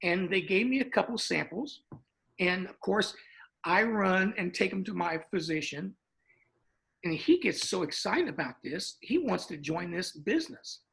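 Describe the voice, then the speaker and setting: A man's voice: high voice, expressive, unhurried, creaky, a bit bright, poor audio. A man in his sixties with a Southern American accent, a dentist guest telling his story in a folksy, chatty way. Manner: folksy, chatty, recounts with quoted dialogue. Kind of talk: casual interview storytelling.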